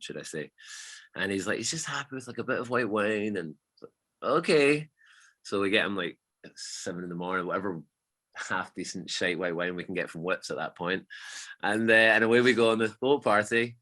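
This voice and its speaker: A man, a DJ guest telling stories in a casual, animated chat and swearing freely. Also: deep voice, fast talker.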